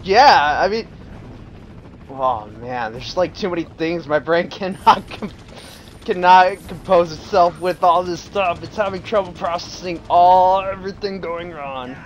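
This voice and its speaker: A sleep-deprived man giving excitable let's play commentary, prone to sudden exclamations. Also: high voice, a little slow, a little hiss or hum. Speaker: gameplay commentator.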